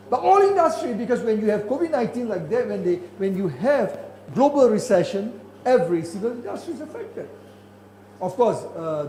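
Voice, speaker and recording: A man's voice: high-pitched, dark tone. Emphatic older man in an echoey hall. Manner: emphatic, repeats and restarts words, rising indignation. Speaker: keynote speaker. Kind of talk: conference keynote lecture. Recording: echoey hall with faint ambience.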